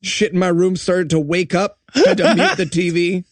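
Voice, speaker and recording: A man's voice: high voice, sing-song, moderate pace, dry recording. A man co-hosting a comedy podcast, going off on crude, rambling sarcastic riffs while reviewing a movie. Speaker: podcast co-host. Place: podcast recording.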